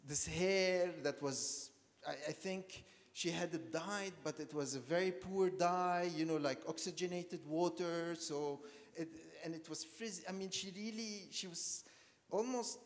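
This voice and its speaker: Man from lebanon telling a family story on stage, stops and restarts a lot, slightly high voice, long hall echo. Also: measured pace. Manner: hesitant, repeats words, many fillers. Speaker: artist giving a talk. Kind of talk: personal storytelling talk.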